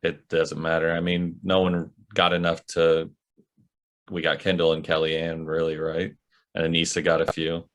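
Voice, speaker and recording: A man co-hosting a podcast, chatting casually about a reality show episode, agreeable and quick to laugh. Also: rumbling low, monotone, fairly bright tone. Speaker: podcast co-host. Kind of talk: casual recap chat.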